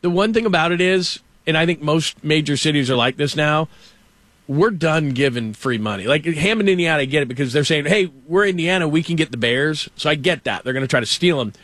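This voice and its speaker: Male show host, slightly high voice, dry close sound, casual animated sports rant. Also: fairly quick, dry recording. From Los Angeles. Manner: animated, ranting, mock quoting.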